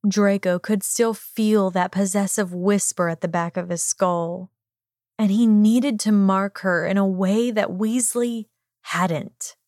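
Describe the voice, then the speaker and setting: A woman reads a romance story aloud at a slow, unhurried pace. Her voice sits at an ordinary middle pitch, recorded close and dry with no room echo. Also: fairly even intonation, darkish tone. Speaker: narrator. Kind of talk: audiobook reading of fan fiction.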